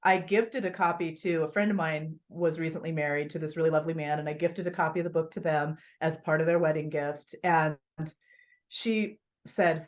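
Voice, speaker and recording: A woman author, a guest on a podcast, talking in an earnest, animated storytelling way. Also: deep voice, moderate pace. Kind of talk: conversational interview.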